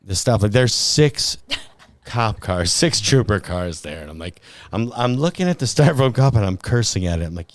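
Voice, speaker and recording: A man's voice: lowish voice, normal speed. Profane rambling Midwestern man. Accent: Midwestern American. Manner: profane, rambling, animated storyteller. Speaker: podcast host. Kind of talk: casual chat, storytelling.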